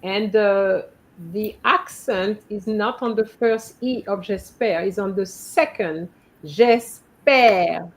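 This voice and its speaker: Slow, patient woman teaching French online. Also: mid-range voice, poor audio. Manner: patient, correcting students one by one. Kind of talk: live online lesson.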